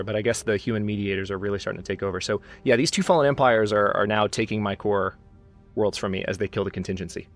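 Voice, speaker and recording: Playing a strategy game, a man talks at a quick pace in a lowish voice, with faint music behind him. This let's play host is chatty, addressing his units and joking at his own expense.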